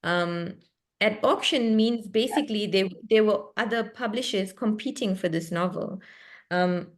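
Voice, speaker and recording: Animated South African woman telling a story. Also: medium pitch, unhurried. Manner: animated, laughing, lively and expressive, with self-interruptions. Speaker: author. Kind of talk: storytelling in a book club chat. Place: video call. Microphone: computer mic on a video call.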